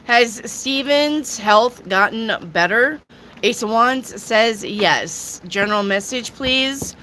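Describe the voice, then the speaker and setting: A woman's voice: fairly high pitch, expressive, takes it slowly, pushed and bright, a little hiss or hum. A woman giving a casual live tarot reading to viewers, chatty and jokey with crude asides. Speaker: tarot reader.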